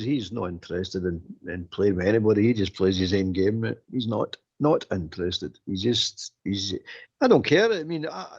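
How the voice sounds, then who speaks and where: A man on a football phone-in, talking in an exasperated, repetitive, animated way. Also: mid-range voice, breathy edge, lo-fi sound. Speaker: phone-in pundit. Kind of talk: casual football chat.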